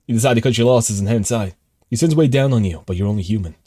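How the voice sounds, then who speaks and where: A male streamer reading a text game aloud and reacting live, jumping between calm narration and excited outbursts. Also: fairly low pitch, fast talker, no echo.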